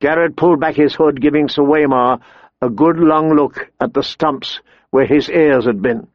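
A man reading an audiobook in a measured storytelling manner. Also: fairly high pitch, no echo, dull audio. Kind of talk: audiobook narration.

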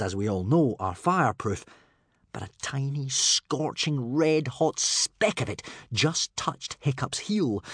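Male audiobook narrator, husky voice, lively pitch, dramatic, dry recording. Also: no echo. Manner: dramatic, dropping to a hush for suspense.

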